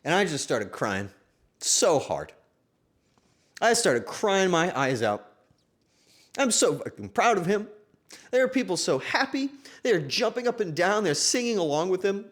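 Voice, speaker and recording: A young man streaming, chatting casually and emotionally, swearing often and swinging from loud bursts to hushed asides. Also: sits high, sing-song, moderate pace.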